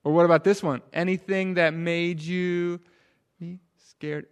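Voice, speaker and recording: A man with a fairly high voice leads a children's sermon. He talks with lively swings in volume, from near shouts down to a hushed murmur. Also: unhurried, clean tone. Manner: animated, drops to a hush for emphasis. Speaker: pastor.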